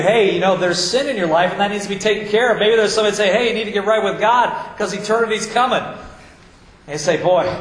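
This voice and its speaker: A man preaching a sermon as pastor, animated, often acting out his listeners in a low mumble. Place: church sanctuary. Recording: echoey church hall.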